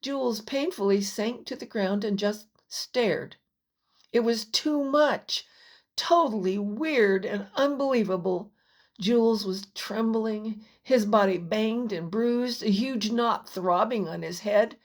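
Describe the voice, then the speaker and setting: A woman reading her own children's fantasy story aloud as an audiobook. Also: medium pitch. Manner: slow, unhurried storytelling. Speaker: author and narrator. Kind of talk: audiobook narration.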